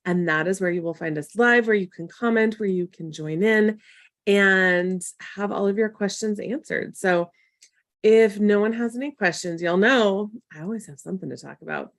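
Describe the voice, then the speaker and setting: A woman hosts a live coaching session and talks casually to her viewers. Her voice sits mid-range and comes across warm-hearted but blunt, encouraging one moment and tough-love the next. The sound is dry and close, with no room echo. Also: medium pitch, moderate pace. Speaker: marketing coach hosting a live Q&A.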